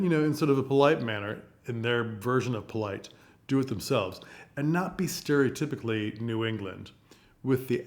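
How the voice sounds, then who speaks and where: A man giving a casual spoken review of a stage play, rambling and thinking aloud with animated asides. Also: medium pitch. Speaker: theater reviewer.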